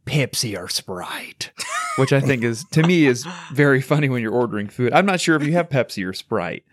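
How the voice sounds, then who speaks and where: A man's voice: medium pitch, expressive, fast. A young adult man musing hesitantly in casual podcast chat.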